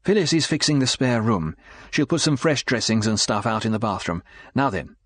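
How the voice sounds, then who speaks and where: A man reading an audiobook, voicing a brisk, chummy middle-aged British station chief with a higher, clipped delivery. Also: lively intonation, lightly acted.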